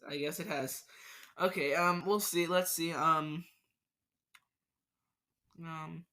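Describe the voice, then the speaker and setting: Bright-voiced rambling podcaster. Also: mid-range voice, steady tone, slow, long pauses. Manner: rambling, stammering, repeats words and restarts. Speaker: solo podcast host. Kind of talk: unscripted solo podcast rant.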